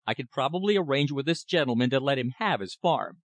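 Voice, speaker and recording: A man reading the part of a self-important rich lumberman who speaks with slow deliberation and a commanding edge. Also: mid-range voice, lively intonation, no room sound, close to an everyday voice. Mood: agitated. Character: blustering pompous rich male lumberman.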